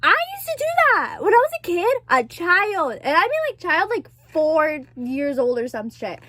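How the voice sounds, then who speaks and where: A woman's voice: extremely high pitch, sing-song, normal speed, sharp tone, no room sound. A woman in her twenties chatting casually as a vlogger, gushing and swearing freely, laughing often. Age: 20s. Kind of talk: casual chat.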